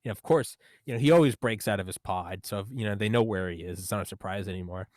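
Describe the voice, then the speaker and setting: Young guy, low dry voice, loose rambling comic riffer. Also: fast, dry recording. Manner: riffing, rambling, bursts into loud shouted impressions. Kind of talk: casual comedic chat.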